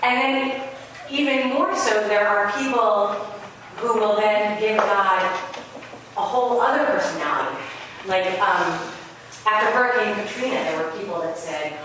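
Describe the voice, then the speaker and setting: A woman's voice: medium pitch, moderate pace. A woman giving a conversational sermon to a live audience, telling personal stories with wry humor. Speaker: spiritual speaker. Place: large hall with a live audience. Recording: echoey hall, far off, background hiss.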